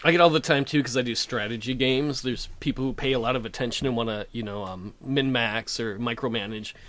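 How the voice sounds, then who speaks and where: A man co-hosting a casual gaming podcast, animated, acting out his own thoughts in goofy voices. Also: mid-range voice, a little fast. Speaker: podcast co-host. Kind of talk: casual chat.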